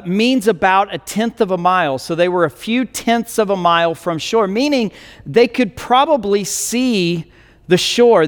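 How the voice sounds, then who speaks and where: A man's voice: high voice, in a large hall. A male pastor telling a scripture story in a sermon, with many restarts and fillers.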